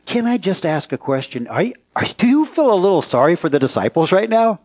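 A pastor preaching a conversational sermon in a church, turning to the congregation with questions. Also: male voice, sits high, sing-song, a little fast, a little mellow.

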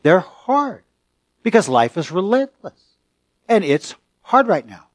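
A male pastor delivers a sermon in a slightly higher-than-usual voice. He speaks slowly and deliberately, pausing between phrases and building emphasis. The sound is close and dry, with no room echo. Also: wildly swooping pitch. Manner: slow, deliberate preaching with pauses and rising emphasis.

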